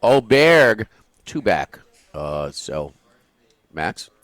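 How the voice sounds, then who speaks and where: Low-voiced man ribbing his co-hosts. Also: very animated, extremely slow, dry recording. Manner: teasing, jokey, loud bursts of laughter. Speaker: radio sports show host. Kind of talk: casual sports radio banter. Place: radio studio.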